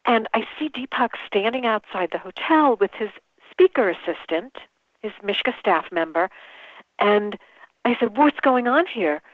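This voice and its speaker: A woman organizer telling an embarrassing story in a casual interview, animated and quick to laugh. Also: mid-range voice, no room sound. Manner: animated, laughs often, restarts sentences. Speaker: event organizer, guest. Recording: tinny phone line.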